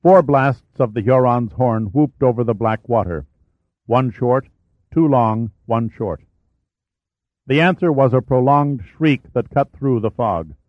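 A man narrating a story in a measured, even way. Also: medium pitch, no room sound. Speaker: audiobook narrator. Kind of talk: scripted narration. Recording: dry, slightly dull recording.

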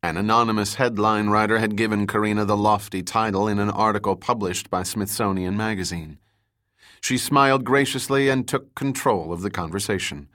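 Low-voiced male audiobook narrator. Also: fairly even intonation, a bit bright. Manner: measured, descriptive reading.

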